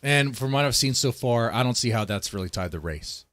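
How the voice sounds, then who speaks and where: A male streamer rants loosely to his chat, swearing often and circling back on himself. His voice sits at a middling pitch, and the recording is close and dry with no room sound. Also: animated, brisk, a bit bright, no room sound. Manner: profane, rambling, addresses chat directly. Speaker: streamer reacting to a video. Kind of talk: casual live-stream commentary.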